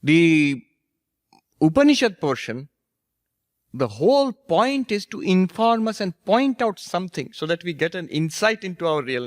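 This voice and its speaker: A monk and spiritual teacher giving a storytelling lecture, anecdotal and gently humorous. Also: male voice, fairly high pitch, no room sound, clean studio sound. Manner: anecdotal, gently humorous, laughs at his own stories.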